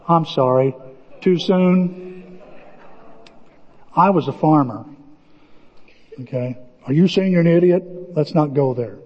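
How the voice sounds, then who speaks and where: A middle-aged man preaching a sermon as pastor, telling stories with animated bursts of excitement and shouting. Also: on the high side, slow pace, long pauses. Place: church sanctuary. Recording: dull lo-fi audio with long church reverb.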